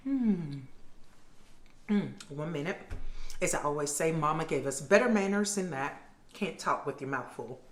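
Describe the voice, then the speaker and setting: A woman's voice: sits low, expressive, fairly quick, roomy sound. A woman hosting her own cooking vlog from her kitchen, chatting casually to viewers as she cooks. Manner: chatty, addresses viewers as "you guys". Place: home kitchen.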